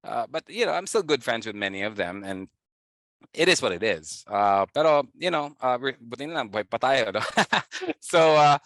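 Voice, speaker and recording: A man's voice: mid-range voice, sing-song, moderate pace, a bit bright, no echo. A middle-aged man with a Filipino accent, a guest telling stories in a casual interview, chatty with many fillers and frequent laughs. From Philippines. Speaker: guest, band founder.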